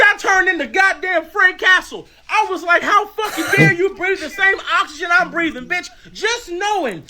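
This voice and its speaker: A man ranting loudly and profanely in a comic commentary clip. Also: very high voice. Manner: loud, profane, animated ranting. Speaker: online commentator in a reacted-to clip.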